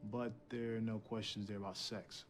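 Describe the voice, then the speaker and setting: An actor playing a smooth, flirtatious rich tech entrepreneur who talks in a suggestive, teasing way. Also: male voice, on the low side, little pitch movement, moderate pace, faint music behind, lightly acted.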